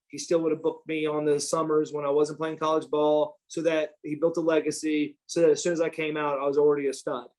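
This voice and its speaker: A middle-aged American man, once a pro wrestler, tells stories animatedly in a podcast shoot interview, swearing freely as he acts out quotes. His voice is a little high and darkish, on a low-quality recording.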